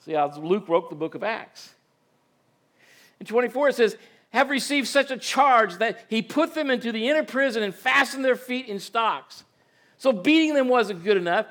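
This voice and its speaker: High-voiced preacher asking folksy questions. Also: male voice, animated, moderate pace, a bit bright. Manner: folksy, asks the congregation rhetorical questions. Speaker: pastor. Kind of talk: sermon.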